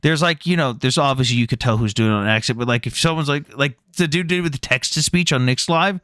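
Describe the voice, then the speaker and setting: Male stream host, animated storyteller, bright forward tone, dry close-miked sound. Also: medium pitch, fast, clean tone, dry recording. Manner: animated storyteller, mimics others' voices. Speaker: livestream debate host. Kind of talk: casual livestream chat.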